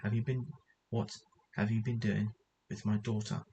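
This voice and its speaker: A man's voice: lowish voice, flat delivery, moderate pace, dark tone, slight background noise, natural voice. A man reading the lines of an enraged mother who accuses a man of preying on her daughter, in a plain storybook reading. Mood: furious accusing. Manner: accusing, bitter, plainly read. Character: enraged mother confronting a predator.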